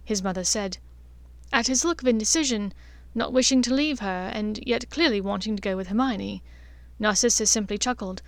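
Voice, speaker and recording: A woman narrating a fan fiction audiobook in a clear, steady storytelling voice. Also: mid-range voice, normal speed, no echo.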